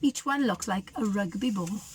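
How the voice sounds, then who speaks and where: A woman's voice: medium pitch, expressive, normal speed, breathy edge, poor audio. A woman voicing a crafty farm goose in a storybook reading, sly and persuasive.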